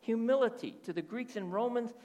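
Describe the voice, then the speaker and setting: A man's voice: extremely high pitch, fairly quick, warm tone. A middle-aged man preaching a sermon as pastor, often checking in with his listeners through rhetorical questions. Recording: reverberant hall.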